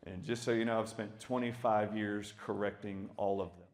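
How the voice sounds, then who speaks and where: A middle-aged man, a doctor giving a talk, who tells personal stories in an emphatic, animated way and often laughs. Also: fairly low pitch, moderate pace. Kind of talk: storytelling talk.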